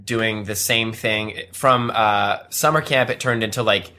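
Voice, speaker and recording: A man's voice: on the low side, fairly even intonation, measured pace, pushed and bright. A young man in his twenties co-hosting a comedy podcast, telling rambling stories full of fillers in casual chat. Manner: rambling, filler-heavy storytelling. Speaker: podcast co-host.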